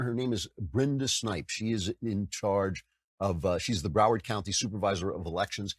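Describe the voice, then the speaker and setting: An older American man hosts a political commentary podcast, speaking conversationally and dropping into mocking impressions. His voice is medium-pitched and slightly rough, and the recording is dry.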